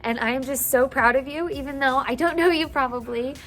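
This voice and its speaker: A woman's voice: sits high, steady tone, a little fast, a bit bright. A woman teacher talking in a casual vlog, emotional and gushing, tearful as she speaks. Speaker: teacher and vlogger.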